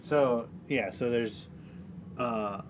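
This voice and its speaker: A man's voice: medium pitch, extremely slow, a little hiss or hum. A man co-hosting a casual chat, laid-back and joking as he talks about miniatures. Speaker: co-host reviewing miniatures.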